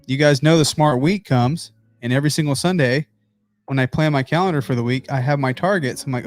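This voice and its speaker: A man's voice: medium pitch, fairly quick, soft background music. A man hosting a motivational business talk from his home office, speaking emphatically and addressing viewers directly. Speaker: host.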